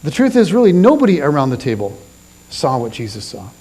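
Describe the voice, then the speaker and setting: A man preaching a sermon as a pastor, telling a story with animated delivery and dropping low and soft for quoted lines. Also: brisk, rough recording. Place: church.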